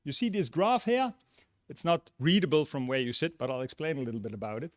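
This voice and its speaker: A man giving a relaxed graduation speech and telling jokes and a story. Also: fairly high pitch, fairly quick, no echo, clean studio sound. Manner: relaxed, tells jokes and stories. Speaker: graduation speaker. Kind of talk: ceremonial speech.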